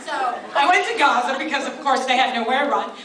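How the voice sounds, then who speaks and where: A woman's voice: high-pitched, fast. A woman in her thirties performing a stand-up comedy set, chatty and self-mocking, with lots of ums and asides. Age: 30s. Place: live comedy venue. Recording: far-off roomy live club recording. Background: loud audience laughter and noise.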